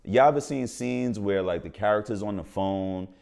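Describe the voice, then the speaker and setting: A man's voice: fairly low pitch, moderate pace, gravelly, clean tone. A slangy New man telling stories. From New York. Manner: slangy, animated, acts out quoted voices. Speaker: podcast guest, actor. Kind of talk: casual storytelling.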